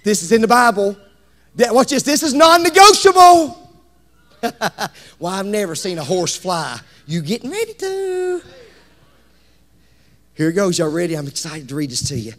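Man, pastor, fiery sermon, hushed to shouting, high voice, long church reverb. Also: a little fast. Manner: preaching with swings from hushed to shouting. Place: church sanctuary.

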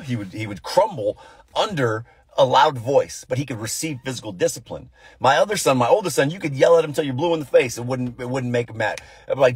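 A man in his thirties, a pastor giving a devotional talk, telling stories with animated, acted-out voices. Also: medium pitch, brisk, husky, no room sound. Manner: animated storytelling, acting out voices. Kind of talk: devotional sermon.

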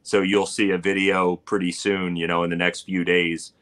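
A man's voice: deep voice, little pitch movement, moderate pace, a bit bright. A man talking casually as a guest in an interview, rambling with plenty of fillers as he tells a story. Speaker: barbecue cook and guest. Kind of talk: casual live-stream interview.

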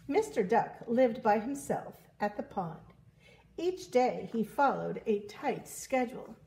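Slow, animated woman reading a story. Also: a little high. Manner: animated, slow and expressive, playing voices. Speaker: storyteller reading a picture book. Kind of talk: children's story read-aloud.

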